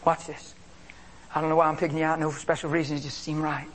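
A man preaching a sermon with animated delivery, swinging between loud exclamations and hushed asides. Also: a little high, fast talker, a little hiss or hum.

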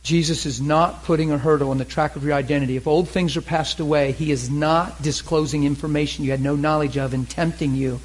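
Husky-voiced preacher guy, fairly high voice, chatty sermon that gets loud and laughy. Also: a little fast, few pauses, rough recording. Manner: animated, laughing and shouting at peaks, conversational. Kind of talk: storytelling sermon.

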